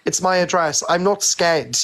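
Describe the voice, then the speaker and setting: A man's voice: high-pitched, moderate pace, fairly bright tone. Defiant blunt man. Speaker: guest on live stream. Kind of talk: defiant live stream chat.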